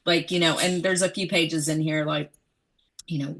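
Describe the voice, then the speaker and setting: A woman's voice: sits low, flat delivery, moderate pace. A woman, an author being interviewed about her memoir, speaking in a thoughtful, musing way. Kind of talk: reflective interview conversation.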